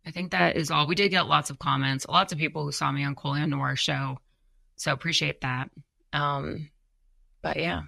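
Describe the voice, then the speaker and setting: A young woman co-hosts a podcast in a chatty, self-deprecating way, laughing as she goes. Her voice is heavily gravelly with a bright edge. She sounds tired, and the recording is dry and close. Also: deep voice, steady tone, moderate pace, no room sound. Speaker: podcast co-host. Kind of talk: casual chat reading viewer comments.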